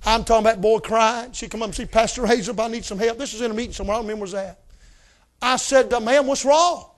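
A man preaching a fiery revival sermon in a folksy style, shouting often. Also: sits high, fairly even intonation, very fast. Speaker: visiting preacher.

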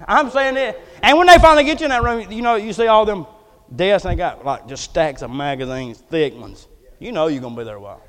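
A man's voice: extremely high pitch, expressive, fairly quick, a bit bright. A man preaching a folksy, storytelling sermon in a church, acting out the quotes as he goes. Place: church hall. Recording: echoey hall.

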